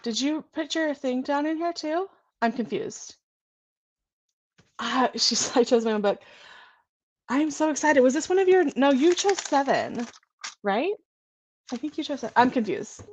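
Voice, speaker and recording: A young woman from California hosting a casual livestream, chatting in a bubbly, gushing, excitable way. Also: high-pitched, measured pace, pauses often, no echo. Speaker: livestream host.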